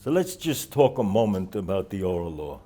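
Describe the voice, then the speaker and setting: A man's voice: low voice, very animated, mellow. Older man telling wry teaching stories. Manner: halting, with frequent "uh" fillers; storytelling with dry humor. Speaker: rosh yeshiva giving a talk. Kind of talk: holiday talk to students, with anecdotes and jokes. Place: yeshiva in Jerusalem.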